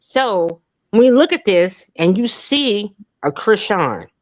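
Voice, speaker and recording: Searching, reflective woman panelist. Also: on the high side. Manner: measured, questioning, searching for words. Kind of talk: casual chat.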